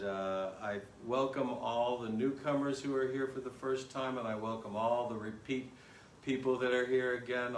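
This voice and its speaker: A man hosting a music live stream, talking in a relaxed, chatty way with many fillers. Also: mid-range voice, a little hiss or hum. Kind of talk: casual live-stream chat. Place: home room. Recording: roomy echo, distant mic, guitar behind.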